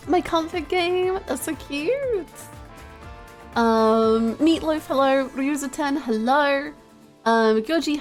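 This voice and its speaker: Woman, high voice, giggly, chaotic, casual stream chat, faint background music. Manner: giggly, chaotic, playful, greets chat by name.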